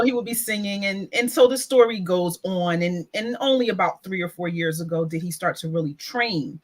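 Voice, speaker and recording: A woman's voice: lowish voice, normal speed, hardly any pauses. A woman, a guest on a talk show, speaking as a proud parent and telling earnest stories about her son's gift. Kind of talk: casual interview chat.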